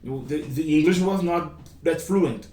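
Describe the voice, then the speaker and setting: A man's voice: on the high side, moderate pace, warm tone, recorded from a distance, a little hiss or hum. Brazilian-accented man teaching in an echoey room. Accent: Brazilian Portuguese. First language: Portuguese. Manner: chatty, repeats phrases, acts out quoted lines. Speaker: English conversation teacher. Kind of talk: casual conversation class.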